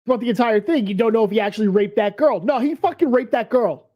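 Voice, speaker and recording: A man's voice: very high voice, quick pace, lo-fi sound. A man hosting a reaction stream, ranting angrily and swearing, a little tipsy. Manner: angry, profane ranting. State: tipsy from beer. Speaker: stream host.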